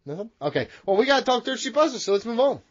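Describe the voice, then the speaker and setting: Excitable high-voiced podcast co-host man. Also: rapid-fire, highs cut off. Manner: excitable, rambling, swears often. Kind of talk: casual profane wrestling banter.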